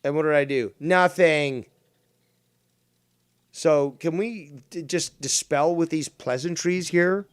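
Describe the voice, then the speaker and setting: Loud ranting man with a dry close sound. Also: fairly high pitch, slow, clear, resonant tone, no room sound. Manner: loud, ranting, profane, mocking voices. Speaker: podcast host. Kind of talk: heated casual chat.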